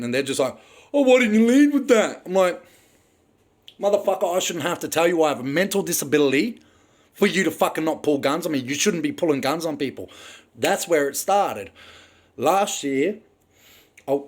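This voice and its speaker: A young Australian man ranting angrily with plenty of swearing as he tells a personal story in a rambling way, full of ums. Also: mid-range voice. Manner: angry, profane, rambling with frequent ums. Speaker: vlogger telling his own story.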